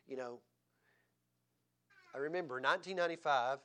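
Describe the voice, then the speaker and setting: A man's voice: medium pitch, normal speed, fairly bright tone. A man preaching a sermon in church, reading scripture aloud and driving his points home with rhetorical questions. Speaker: pastor.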